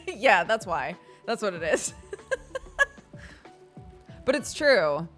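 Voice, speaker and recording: An American woman in her thirties chats on a stream, with a fairly low voice that swings widely in pitch as she tells stories. She laughs often and acts out quoted voices. Faint music plays behind her. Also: very animated, very slow, long pauses. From United States. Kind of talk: casual chat.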